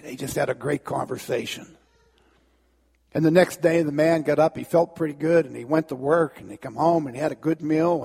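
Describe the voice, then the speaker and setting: Male preacher, sermon storytelling, gravelly, high voice, long hall reverb. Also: dark tone. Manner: dramatic, halting storyteller with restarts.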